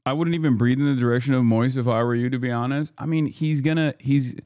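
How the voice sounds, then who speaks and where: Male livestream host, profane ranting commentary, medium pitch, dead dry sound. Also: fast talker, a little mellow, dry recording.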